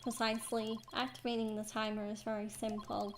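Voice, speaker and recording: A woman's voice: on the high side, brisk, a little hiss or hum, natural voice. A woman doing a clipped, robotic male bomb expert. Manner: clipped flat robotic phrasing. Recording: game music behind.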